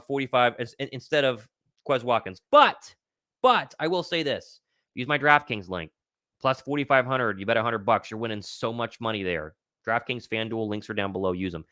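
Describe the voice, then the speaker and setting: A young man hosting a live sports stream, talking with excitable confidence and reading out viewers' questions. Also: mid-range voice, dry recording, clean studio sound. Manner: excitable, confident, reads chat questions aloud. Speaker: host of a sports livestream. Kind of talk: live pregame Q&A commentary.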